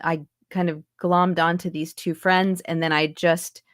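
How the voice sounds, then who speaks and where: Speaking in a flat, unhurried delivery on the low side, a chatty American woman in her forties, an accent coach from New York, guests in a casual interview on a video call. Her New York accent carries light Texas coloring, she leans on "like," and she keeps slipping into voices as examples. Clean studio sound with no room sound.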